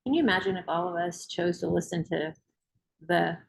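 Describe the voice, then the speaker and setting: A woman's voice: fairly low pitch, normal speed, gravelly, rough recording. A woman hosting a book club, reading aloud and giving an emphatic, rousing motivational talk.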